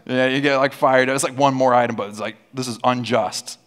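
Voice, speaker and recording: A man's voice: medium pitch, steady tone, fast, fairly bright tone, clear, resonant tone. A man preaching a sermon as pastor, with a sarcastic, humorous storytelling manner and call-and-response with the congregation. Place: church auditorium.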